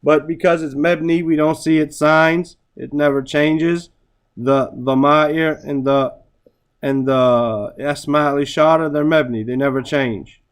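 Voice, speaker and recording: Here a man leads an Arabic grammar class, reciting phrases in Arabic and translating each one while frequently asking "right?" His voice is fairly high, smooth, and steady in tone, and he takes an unhurried pace.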